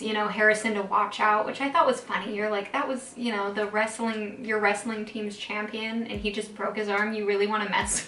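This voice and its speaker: A woman's voice: medium pitch, bright, forceful tone, roomy sound, recorded from a distance, a little hiss or hum, rough recording. A young woman casually recapping TV episodes, chatty and full of fillers as she retells scenes and quotes characters. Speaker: TV recap vlogger.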